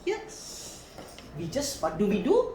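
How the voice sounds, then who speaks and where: A Sri Lankan English man lectures with a very lively, swooping delivery, repeating key points and questioning his class. His voice rings around a roomy lecture room, with a faint murmur of ambience underneath. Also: sits high, takes it slowly, noisy background. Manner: animated, repeats key phrases, asks students questions.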